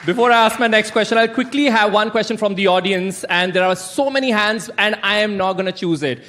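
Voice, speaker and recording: A woman's voice: medium pitch, fairly quick, fairly bright tone. Woman hosting a live session, upbeat, talks straight to the audience. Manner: upbeat, addresses the crowd directly. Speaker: moderator.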